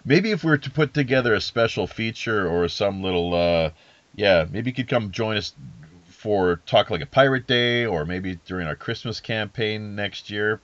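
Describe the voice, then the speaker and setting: A man's voice: fairly low pitch, lively intonation, moderate pace, fairly bright tone, dry recording, muffled recording. A man hosting a podcast interview, talking casually in a rambling, hesitant way with many fillers and restarts. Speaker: podcast host.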